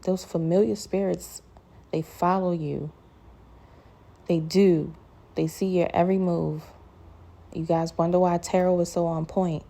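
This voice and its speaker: A woman's voice: lowish voice, steady tone, unhurried, gravelly, long pauses, warm tone. A woman giving an earnest personal faith testimony to her viewers, emphatic and repeating her phrases. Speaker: christian content creator.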